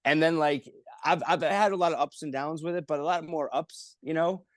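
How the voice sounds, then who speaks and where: Jokey man spinning animated stories. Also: fairly high pitch, normal speed, no echo. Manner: animated, jokey storyteller who acts out the people he quotes, with frequent swearing. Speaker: comedian guest. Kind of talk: casual storytelling in an interview.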